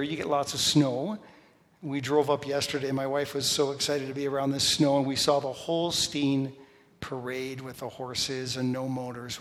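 A middle-aged man preaching a sermon, telling stories with lively shifts and sudden shouted lines. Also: mid-range voice. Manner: storytelling, animated, shouts quoted lines. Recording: long hall reverb.

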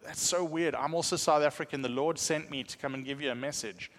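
A man's voice: on the high side, fairly quick, a bit bright, lightly acted. A man voicing an elderly South African stranger who urgently delivers a message, in a reverberant hall.

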